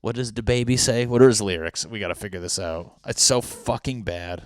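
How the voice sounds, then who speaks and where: A man's voice: on the low side, brisk, no echo, studio quality. A young man hosting a casual solo podcast, swearing freely and mocking what he reads aloud. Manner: profane, sarcastic, reads lyrics and captions aloud mockingly. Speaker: podcast host.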